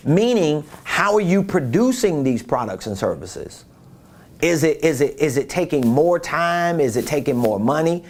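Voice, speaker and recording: Man coaching in a slightly high voice. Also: big pitch swings, normal speed. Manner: conversational, repeats points, rhetorical questions. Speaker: business coach. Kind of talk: casual coaching talk.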